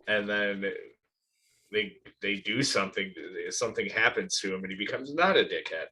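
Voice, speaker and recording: A man's voice: on the low side, pushed and bright, poor audio. A man co-hosting a podcast, chatting loosely and cursing casually. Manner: loose, profane, jumps in with quick remarks. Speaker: podcast co-host. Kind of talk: casual chat.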